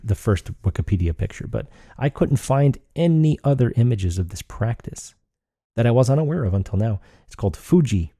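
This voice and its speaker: Gravelly low-voiced man musing aloud. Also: dark tone, dry recording, clean studio sound. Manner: rambling, thinking aloud with restarts. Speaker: podcast host. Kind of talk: solo podcast musing.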